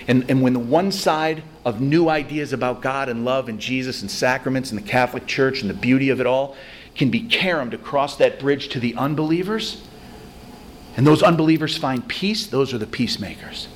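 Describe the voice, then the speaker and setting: A man giving a conversational, self-deprecating spiritual talk to a recovery group, telling stories with animated energy. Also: mid-range voice, moderate pace. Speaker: recovery meeting speaker.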